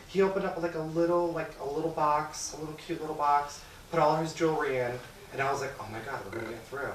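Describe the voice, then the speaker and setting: A man speaking at a memorial service, telling a lively story with laughter. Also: a little high, a little fast, crowd noise. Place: congregation hall. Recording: echoey room from far off, noisy.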